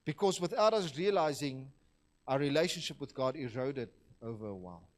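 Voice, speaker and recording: A man's voice: mid-range voice, lively intonation, normal speed. A man preaching a sermon in a church, talking conversationally and joking with the congregation. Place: church hall.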